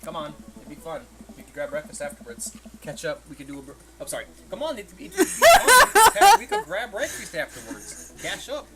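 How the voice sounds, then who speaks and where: A woman's voice: sits low, fast, hardly any pauses, heavy background noise, pitched below the performer's own voice, close to an everyday voice. A woman voicing a friendly, sporty jock dad who jogs and talks like a bro, laughing through her lines.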